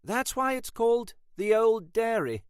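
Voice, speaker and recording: Picture a fussing, genteel country lady, her voice soaring high above the man who puts her on as she gushes hospitably. She swoops through lively, singsong phrases and talks at an unhurried pace. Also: clean tone, dry recording, studio quality. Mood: gushing. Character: chatty genteel British country wife.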